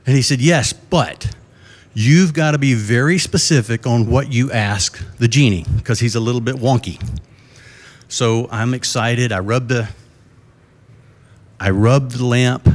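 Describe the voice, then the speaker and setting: A man's voice: medium pitch, unhurried. Folksy man telling jokes on stage. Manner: folksy storytelling with jokes and crowd questions. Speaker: keynote speaker. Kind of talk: live conference talk. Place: conference stage before a live audience.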